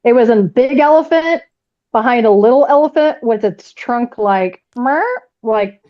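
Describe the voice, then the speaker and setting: A woman's voice: a little high, expressive, unhurried, dull audio. A woman on a political livestream, telling wry stories in casual chat.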